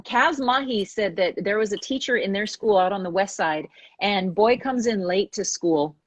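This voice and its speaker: A woman hosts a talk show and tells a long story in an animated way, acting out the voices of the people in it. Her pitch sits in the middle range, and the sound is dry and close. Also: normal speed, no room sound. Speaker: host.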